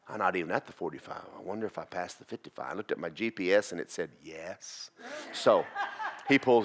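A man teaching a church class, preaching in a folksy, animated storytelling way. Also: on the low side. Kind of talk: sermon.

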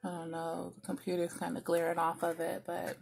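Creaky-voiced woman venting through an unboxing. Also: lowish voice, monotone, a little fast, darkish tone, slight background noise. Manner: frustrated, venting, cusses freely, chatty asides to viewers. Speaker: vlogger and small business owner. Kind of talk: casual unboxing vlog.

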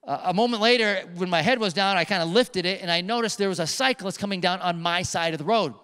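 Animated pastor, high voice, big hall. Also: male voice, fast, clear, resonant tone. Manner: animated storyteller, emphatic repetitions. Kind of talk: sermon storytelling. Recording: long hall reverb.

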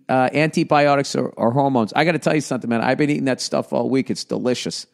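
A man's voice: medium pitch, fast talker, vocal fry, hardly any pauses. A middle-aged man with a Boston accent, a podcast host reading sponsor ads and breaking off into profane, sarcastic asides. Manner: profane, sarcastic, shifts between reading copy and riffing. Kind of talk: ad read with riffing asides.

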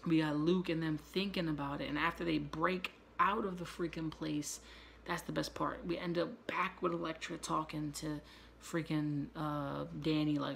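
A man hosting his own channel, giving a loose, profane and excitable spoiler recap with quick asides. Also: a little high, creaky, a little hiss or hum. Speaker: YouTube show reviewer.

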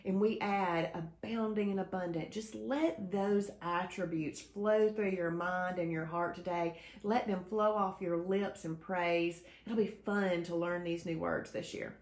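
A woman's voice: lowish voice, fairly even intonation, unhurried, hardly any pauses. A woman hosts a live show, cheerfully greeting viewers by name and mixing in devotional teaching. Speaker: host of a faith-based weight-loss live show. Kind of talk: casual live-stream chat, reading viewer comments. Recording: echoey room.

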